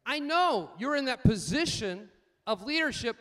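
An older man preaching a sermon, swinging between loud emphatic points and quiet personal stories, calling out for amens. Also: very high voice, animated, moderate pace. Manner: asks the congregation for amens. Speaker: pastor.

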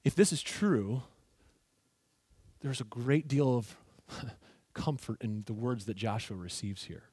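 A man preaching an earnest sermon, dropping low and soft whenever he quotes God. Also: slow pace, pauses often, slightly rough, no room sound. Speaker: pastor.

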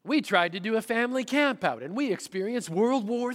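A middle-aged man preaching a sermon, dramatic, voicing inner thoughts aloud and swinging from loud to hushed. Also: high-pitched, expressive, normal speed, hardly any pauses. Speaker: pastor. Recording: hall reverb.

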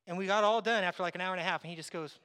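A man pastor preaching a conversational sermon, acting out bits of dialogue and dropping from loud to hushed. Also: sits high, rapid-fire, smooth. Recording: long hall reverb.

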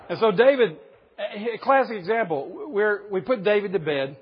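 A man's voice: sits high, animated, normal speed, slightly rough. A man in his fifties, a pastor preaching a sermon in an emphatic, humorous storytelling way. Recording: dull lo-fi recording.

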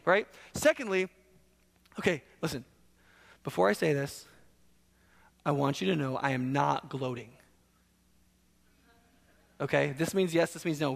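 A man preaching in a church hall, his high voice carrying a long reverb around the room. He preaches in an easygoing, conversational way, often stopping to ask the congregation whether they follow. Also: creaky. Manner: conversational, animated, asks the audience questions. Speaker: pastor. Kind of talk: sermon.

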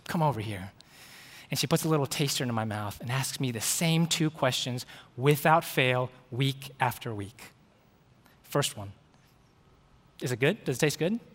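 A man preaching a sermon with storytelling, animated and acting out the dialogue in his stories. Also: mid-range voice, fairly quick. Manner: animated, acts out quoted dialogue. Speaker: pastor. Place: church sanctuary. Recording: reverberant hall.

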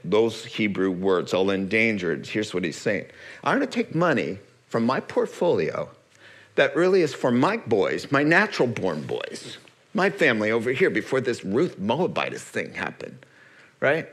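A man's voice: fairly low pitch, normal speed. A man preaching a sermon, retelling a story with humor and acting out the people in it. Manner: lively storytelling, acts out characters with asides and humor.

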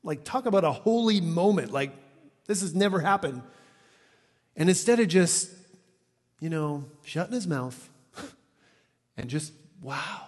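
A man preaching a sermon in a conversational, animated way, acting out the lines he quotes. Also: fairly high pitch, measured pace, pauses often, long reverb tail.

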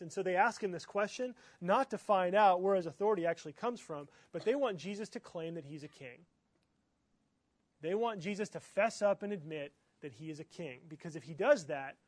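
A man with a high voice delivers a sermon, drawing listeners in with rhetorical questions and repeated check-ins. The sound is dry and close, with no room echo. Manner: rhetorical, keeps asking "right?" and "okay?". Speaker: pastor.

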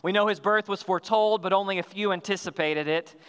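Man preaching, high voice, smooth and resonant, long church hall reverb, earnest measured delivery. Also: a bit bright. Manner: earnest, measured preaching with slowed emphatic phrases and some restarts. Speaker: pastor. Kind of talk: sermon. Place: church sanctuary.

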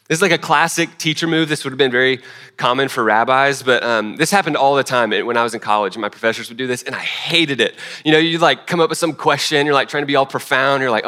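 A man preaching a sermon in a relaxed, conversational way, full of restarts and self-deprecating asides. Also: mid-range voice, fairly quick. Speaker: pastor.

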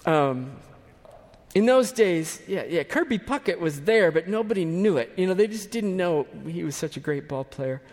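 A male pastor preaches in a chatty, storytelling way, full of asides and restarts. His voice sits a bit higher than most men's. Long reverb from a large sanctuary hangs behind him. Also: animated, normal speed, a little mellow. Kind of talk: sermon.

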